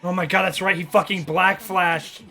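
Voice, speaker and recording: A man hosting an anime reaction, talking casually and excitably, swearing freely and laughing often. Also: high-pitched, moderate pace, vocal fry, soft background music. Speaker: anime reaction channel host.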